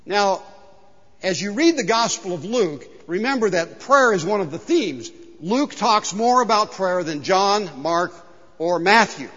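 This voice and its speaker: High-voiced pastor preaching in a hall. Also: male voice, expressive, a little slow, fairly bright tone, highs cut off. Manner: folksy storytelling, exclaims in joke voices. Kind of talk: sermon. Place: church sanctuary.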